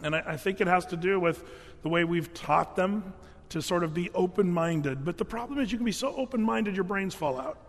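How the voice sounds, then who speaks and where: Guy pastor preaching, pretty high voice, chatty with lots of ums, big echoey hall sound. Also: brisk. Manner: conversational, with many fillers and restarts. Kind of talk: sermon.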